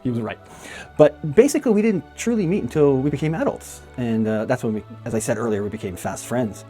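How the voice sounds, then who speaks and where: A middle-aged man from Canada speaks quickly and warmly of a late friend, breaking into laughs as he tells one story after another. His pitch sits in an ordinary middle range, and soft music plays faintly underneath. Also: expressive. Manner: fond, chatty storytelling with frequent laughs. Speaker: magician paying tribute to a late friend. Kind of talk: casual spoken memorial tribute.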